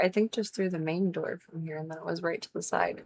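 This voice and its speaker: Sleepy, gravelly-voiced female streamer. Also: on the low side, fairly even intonation, brisk, a little mellow, a little hiss or hum. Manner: rambling, chatty, many "like" fillers. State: sleepy, yawning, stuffy nose. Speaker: livestream host. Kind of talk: casual gaming stream chat.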